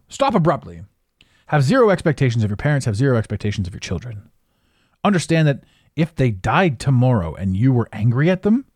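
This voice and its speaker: A man delivers a casual podcast rant, blunt and profane, laughing now and then. His voice swings widely in pitch as he hammers his points home. The sound is dry, with no room echo. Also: a little mellow, slightly rough. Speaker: podcast host. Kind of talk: casual ranting monologue.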